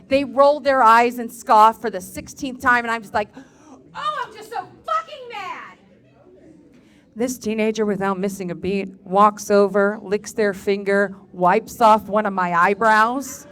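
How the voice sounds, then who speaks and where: A middle-aged woman working a bar crowd with a stand-up set. Her voice sits a little high, and she talks in a dry, sarcastic, profane way about family chaos. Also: a bit bright. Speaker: stand-up comedian. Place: live comedy venue in a bar.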